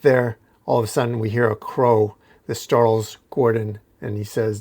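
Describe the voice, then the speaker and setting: A man's voice: fairly low pitch, flat delivery, normal speed, a little mellow. A man narrating a comic book story panel by panel in a casual recap style. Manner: recounts panel by panel, casual restarts.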